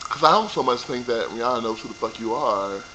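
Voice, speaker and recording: A man's voice: mid-range voice, animated, fairly quick, bright, forceful tone, a little hiss or hum, rough recording. A young man ranting casually about a reality show reunion, sassy and profane. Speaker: vlogger reviewing a reality show. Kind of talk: casual rant.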